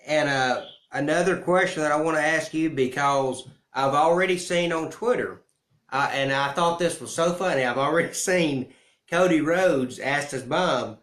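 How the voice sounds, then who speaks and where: Halting male interviewer in an echoey room. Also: on the high side, a bit bright. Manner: hesitant, halting questions. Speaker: interview host. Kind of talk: casual interview.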